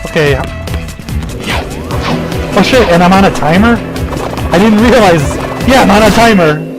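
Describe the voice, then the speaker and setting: Rambling man with a higher voice. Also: music in the background. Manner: rambling, halting, with swearing and fillers. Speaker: gaming commentator. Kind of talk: casual gameplay commentary.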